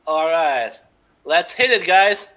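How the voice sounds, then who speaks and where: A man's voice: on the high side, expressive, slow, a crowd in the background. Jokey man with a put-on Aussie twang. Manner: jokey, puts on a poor Aussie accent. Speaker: livestream panelist singing a parody song. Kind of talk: casual banter and sung parody.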